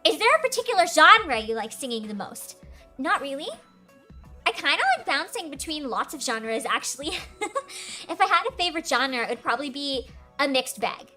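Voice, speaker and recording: With a high, very animated voice that's bright and forceful, this young streamer runs a relaxed Q&A at a moderate pace. She giggles, chats freely and leans on "like" a lot, over faint background music.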